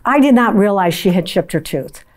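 A woman volleyball coach telling a story in a documentary interview, reflective and measured. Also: mid-range voice, lively intonation.

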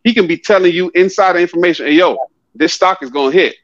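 A man's voice: high voice, fast, dry recording. Blunt man on a dull lo-fi line. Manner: blunt, preachy, profane. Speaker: podcast guest. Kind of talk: casual chat.

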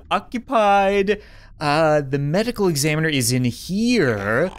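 A woman's voice: deep voice, sing-song, a little slow. A woman gamer giving playful, jokey commentary over a video game, with sudden squeals and giggles and muttering through puzzles half to herself. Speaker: let's play gamer.

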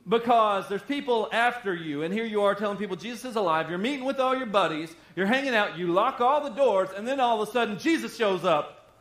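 Male preacher, fairly high voice, dramatic, loud to hushed, echoey room. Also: expressive, a little fast. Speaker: pastor. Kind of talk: sermon.

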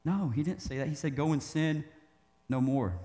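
Young male youth pastor, casual animated sermon, slightly high voice, long hall reverb. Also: normal speed. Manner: casual, animated preaching with acted-out quotes.

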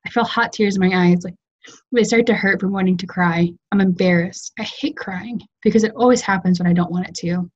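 Calm woman reading her short story. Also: mid-range voice, a little fast, slightly rough, lo-fi sound. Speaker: fiction writer reading her work. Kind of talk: literary reading. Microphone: video call.

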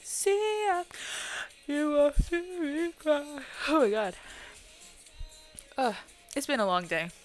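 A woman's voice: high-pitched, expressive, slow pace, long pauses, faint music behind. A woman streaming a game from a laptop mic, laughing often, swearing and trash-talking her teammates. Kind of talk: casual gameplay streaming. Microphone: laptop microphone.

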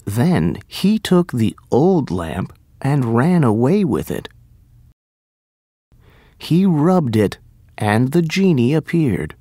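A reader narrating a fairy tale slowly and clearly for English learners. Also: mid-range voice, no echo, clean studio sound. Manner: slow, lively storybook telling. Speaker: storybook reader.

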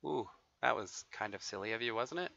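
Streamer, male, gravelly and sharply bright, excitable and swearing, dull lo-fi stream audio. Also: mid-range voice, a little fast, no room sound. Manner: excitable, swears, taunts other players. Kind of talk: live gameplay commentary.

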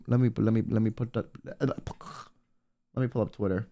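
A young man livestreaming as a vtuber, telling stories in a casual, animated way with plenty of swearing and filler words. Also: lowish voice, moderate pace, long pauses. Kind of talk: casual storytelling on stream.

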